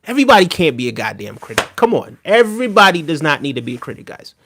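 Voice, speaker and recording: A man's voice: fairly high pitch, very animated, fast talker, background noise. A man hosting a live stream, chatting casually with viewers, reading their comments and ranting heatedly with lots of fillers. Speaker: livestream host.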